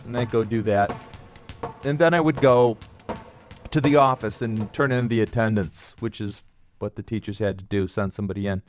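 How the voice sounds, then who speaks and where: A middle-aged man hosting a podcast, telling childhood stories in a relaxed monologue and acting out the quoted voices now and then. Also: mid-range voice, moderate pace, soft background music. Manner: nostalgic, acts out quoted voices with some filler words. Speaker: podcast host. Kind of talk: storytelling monologue.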